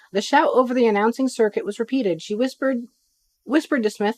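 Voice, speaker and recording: A woman's voice: on the high side, normal speed, darkish tone, dry recording. A woman reading a novel aloud on a live stream, breaking off for chatty asides. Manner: chatty asides between reading, some stumbles.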